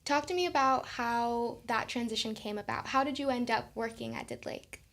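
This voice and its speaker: A woman interviewing a guest, with calm, brief questions. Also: on the high side, normal speed, creaky.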